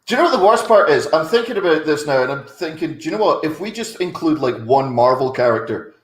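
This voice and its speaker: A man's voice: on the high side, very animated, roomy sound, low-quality recording. A man co-hosting a comedy podcast, riffing on silly film ideas and laughing often. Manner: riffing, quick laughs, acts out bits. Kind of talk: casual comedic chat.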